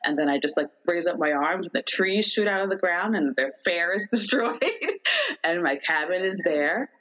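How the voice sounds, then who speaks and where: A woman in casual chat, telling a long dream in a rambling, animated way with many fillers. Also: lowish voice, normal speed, low-quality recording.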